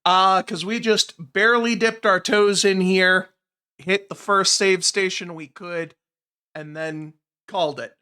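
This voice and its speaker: A man's voice: high-pitched, steady tone, a little slow, sharp tone, smooth. A man casually chatting with viewers while streaming a game, sarcastic and easily exasperated. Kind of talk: casual gameplay livestream chat.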